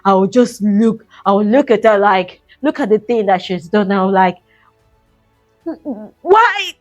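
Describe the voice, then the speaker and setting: A woman's voice: medium pitch, fairly even intonation, normal speed, a little mellow, faint music behind. A middle-aged woman giving a casual mindset coaching talk, chatty and encouraging, addressing the listener as "sis".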